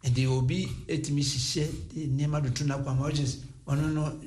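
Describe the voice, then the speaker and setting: A man's voice: a little high, flat delivery, fairly quick, darkish tone, roomy sound. A man on a radio talk show, speaking thoughtfully with frequent hesitations and restarts. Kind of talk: casual radio discussion.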